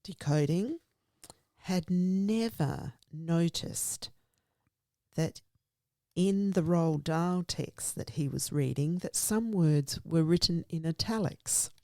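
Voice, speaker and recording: A woman's voice: on the low side, slow pace, darkish tone, dry recording. A woman guest speaker explaining literacy teaching in an earnest, emphatic way, often in lists. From Australia. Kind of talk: conversational explanation.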